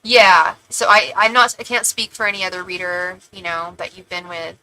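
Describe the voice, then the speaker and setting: A woman's voice: fairly low pitch, moderate pace, sharp tone, a little hiss or hum, poor audio. A woman giving a live-streamed tarot reading, chatty and reassuring, with lots of fillers and restarts and fond asides to the viewer. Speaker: tarot reader and psychic.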